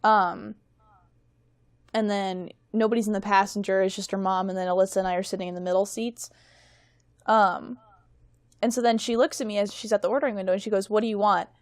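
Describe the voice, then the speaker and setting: A woman's voice: medium pitch, steady tone, fairly quick, pauses often, dry recording. Woman, young adult, casual podcast story, rambling, self-mocking, mid-range voice. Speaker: guest.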